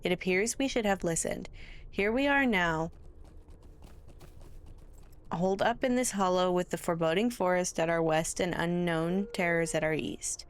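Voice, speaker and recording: A woman's voice: fairly low pitch, normal speed, long pauses, clear, resonant tone, lightly acted. Woman reading as a weary leader pleading for help. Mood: grave. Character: weary leader of travelers trapped in haunted lands. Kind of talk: reading game dialogue aloud.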